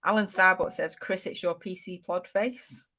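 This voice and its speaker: A woman's voice: lowish voice, fairly even intonation, moderate pace, pushed and bright. A woman co-hosting a casual live chat, reading out viewer comments, playful and teasing, laughing often. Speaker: co-host of a reselling live stream.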